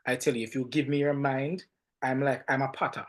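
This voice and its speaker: A man with a Jamaican accent, a film director and podcast guest, telling stories in an animated, emphatic way and often repeating words. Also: mid-range voice, brisk. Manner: animated, emphatic storytelling with frequent word repeats. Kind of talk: casual podcast interview.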